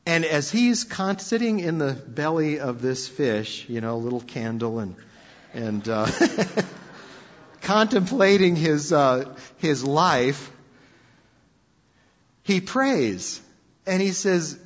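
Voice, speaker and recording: A man preaching a sermon in an animated, conversational storytelling manner. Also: on the high side, a little slow. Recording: dull lo-fi sound with long hall reverb.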